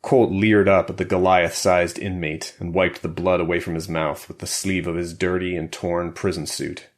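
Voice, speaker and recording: A man narrating an action thriller audiobook in a steady, measured way. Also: deep voice. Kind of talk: scripted narration.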